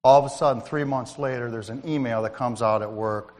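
A man's voice: mid-range voice, a little fast, darkish tone, long reverb tail. A man giving a testimony at church in a conversational, storytelling way, calling out to listeners by name. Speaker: lay speaker at church. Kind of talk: sermon-style testimony.

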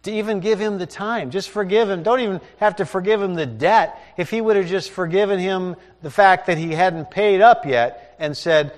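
Man, preacher, sermon, scripture reading, slightly higher voice, long hall reverb. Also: normal speed, hardly any pauses. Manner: reads scripture aloud, then explains it conversationally.

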